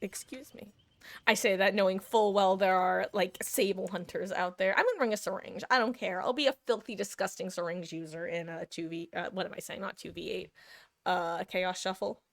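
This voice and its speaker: A woman's voice: medium pitch, fairly even intonation, fairly quick, creaky, no echo. A young woman streaming a game live, chatting casually and giggling, sometimes cooing to her cat. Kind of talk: casual live-stream chat while gaming.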